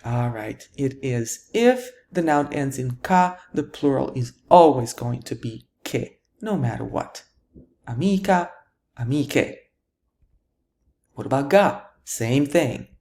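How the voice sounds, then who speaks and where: A woman's voice: very deep voice, lively intonation, slow, a little mellow. A woman teaching a grammar lesson, patiently explaining rules and answering her own questions. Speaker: Italian teacher.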